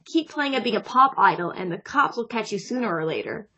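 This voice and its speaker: A woman's voice: fairly high pitch, animated, fairly quick, pushed and bright, dull audio. A woman co-hosting a podcast in casual chat, retelling a manga chapter and reading its lines aloud. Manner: reads character dialogue aloud in a light, chatty way. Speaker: podcast co-host.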